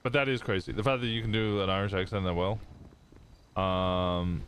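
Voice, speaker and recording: A man's voice: sits low, fairly even intonation, normal speed, a bit bright, a little hiss or hum. A male streamer chatting casually out of character during a role-play stream, curious and swearing freely, often trailing off mid-sentence.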